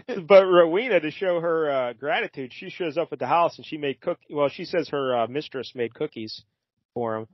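A man's voice: a little high, normal speed, no echo, dull audio. A man co-hosting a casual podcast, recapping a comic in a rambling, hesitant way with plenty of fillers. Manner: rambling, hesitant, with brief character voices. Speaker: podcast co-host. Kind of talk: casual comic book discussion.

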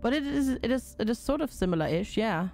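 A woman's voice: on the high side, lively intonation, brisk, a little mellow, a little hiss or hum. A woman casually commenting on a game during a live stream, reading on-screen tutorial text aloud and chatting with and thanking viewers.

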